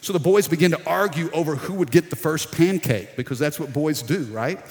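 A middle-aged preacher from South Louisiana with a Louisiana accent, preaching with a fairly high voice. He tells stories with energy, puts on the voices of the people in them and calls out to his congregation. The sound carries a long reverb from a church hall. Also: a little fast. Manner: animated storytelling, acting out voices, calling on the congregation. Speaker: pastor. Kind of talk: sermon.

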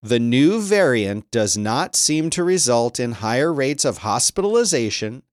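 A man's voice: medium pitch, very animated, unhurried, no echo, studio quality. A middle-aged man hosting a show, chatting casually about the news and breaking into exasperated rants as he reads articles aloud. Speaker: podcast host.

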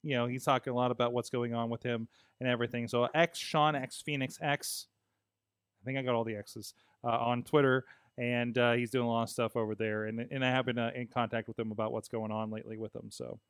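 A man's voice: medium pitch, level tone, fairly quick, smooth, dry recording, clean studio sound. A man hosting a casual wrestling podcast, rambling with lots of fillers and frequent laughter. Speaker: podcast host. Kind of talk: casual chat.

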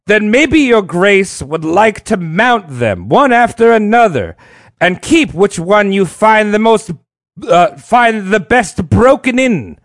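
A man's voice: high-pitched, very animated, slow, dry recording, clean studio sound, exaggerated voice. A man voicing a sneering royal ambassador in a put-on French accent, mocking and insulting.

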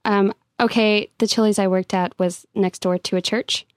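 Chatty, quick-talking woman co-host. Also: mid-range voice, fairly even intonation, clear, resonant tone, dry recording, clean studio sound. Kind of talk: casual chat.

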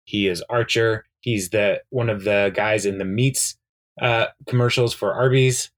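A man's voice: lowish voice, steady tone, a little slow. Chatty man recapping a show. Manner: rambling, filler-heavy, laughs often. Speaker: podcast co-host. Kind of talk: casual chat recapping a TV episode.

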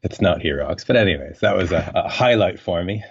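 A very deep-voiced man from French Canada, a scientist guest on a podcast. He thinks aloud in long, rambling turns full of fillers, and his voice comes through muffled and lo-fi. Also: expressive, fairly quick, slightly rough. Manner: thoughtful, rambling, frequent fillers. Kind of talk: conversational interview.

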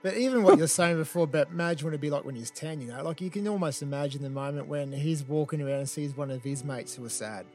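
A man's voice: a little high, fast, hardly any pauses, a little mellow, faint music behind. A man hosting a podcast, speaking in an encouraging, upbeat way. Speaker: podcast host. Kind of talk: podcast interview and sign-off.

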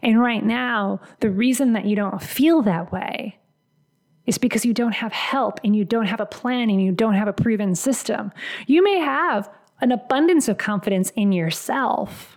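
A woman's voice: fairly high pitch, normal speed, a little mellow. A woman career coach delivering a motivational podcast monologue, emphatic and fond of repeating phrases for punch.

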